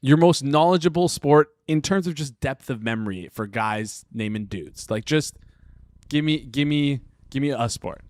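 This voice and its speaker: A Canadian man hosting a casual sports betting show, firing off quick, repeated prompts and questions. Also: medium pitch, no room sound.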